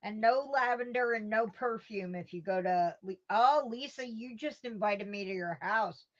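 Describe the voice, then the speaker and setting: This woman runs a relaxed home live stream, wandering through stories and laughing softly as she replies to chat. Her fairly high voice keeps a moderate pace, captured in dull lo-fi audio.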